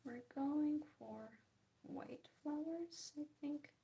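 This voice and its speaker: Painting as she talks, a young woman art vlogger giggles and chats casually, drifting into soft, half-whispered murmurs. Her voice is high, creaky and mellow, and she speaks slowly.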